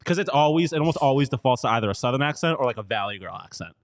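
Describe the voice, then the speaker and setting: A man's voice: medium pitch, lively intonation, rapid-fire, dry recording. A man co-hosting a casual hockey watchalong, dryly reading out facts. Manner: dry, reads facts aloud. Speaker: podcast co-host.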